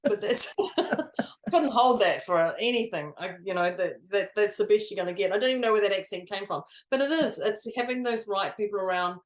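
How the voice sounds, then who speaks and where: A woman's voice: medium pitch, brisk, roomy sound. A woman co-hosting a podcast as a coach, talking in a chatty way and laughing often. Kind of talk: casual chat.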